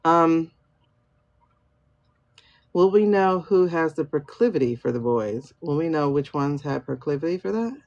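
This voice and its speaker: A woman's voice: deep voice, expressive, unhurried, long pauses, darkish tone, muffled recording. Chatty woman doing a livestream reading. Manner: muses aloud, asks herself questions and answers them; chatty, thanks viewers by name. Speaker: tarot and pendulum reader, livestream host. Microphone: phone livestream.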